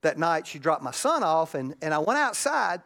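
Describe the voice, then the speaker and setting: A middle-aged man, preaching a sermon and telling a raw, emotional personal story that swings between loud and hushed. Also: fairly high pitch, big pitch swings, moderate pace, gravelly. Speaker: pastor.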